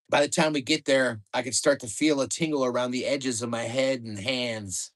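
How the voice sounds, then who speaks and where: Guy reading his own book out loud, wry and lively, middle-pitched voice, speeds up when it gets exciting.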